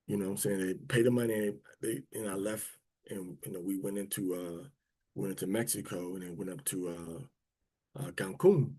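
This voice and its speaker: Rambling man, mellow low-key voice. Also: fairly even intonation, moderate pace, breathy edge. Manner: rambling and conversational, with many restarts. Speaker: speaker of a prayer and teaching livestream. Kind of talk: casual talk to an online audience.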